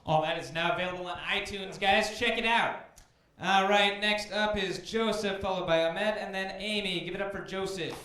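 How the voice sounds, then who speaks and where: A man hosting an open mic, calling up acts in a casual way. His voice is high and bright, and it rings out in a very echoey club with faint noise. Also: fairly even intonation, moderate pace. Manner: casual announcing. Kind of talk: introducing comics. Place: comedy club stage.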